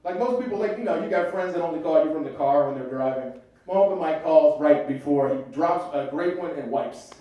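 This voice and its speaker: A man's voice: a little high, expressive, a little fast, muffled recording. A man doing a stand-up comedy set in a comedy club, telling stories in a loose, profane way. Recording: echoey club from far off.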